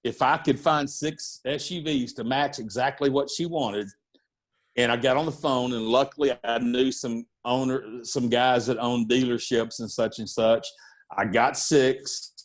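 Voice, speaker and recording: Man telling animated backstage stories. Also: mid-range voice, a little slow. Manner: animated anecdote-telling with fillers and acted-out quotes. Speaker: music and wrestling promoter. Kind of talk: casual storytelling in a podcast interview.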